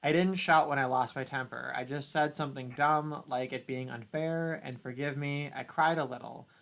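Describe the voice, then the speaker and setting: A man's voice: mid-range voice, fairly even intonation, moderate pace, gravelly, fairly bright tone. A man hosting a casual online talk show, reading a news article aloud with sarcastic, profane asides. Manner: sarcastic, profane, laughs often. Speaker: podcast host.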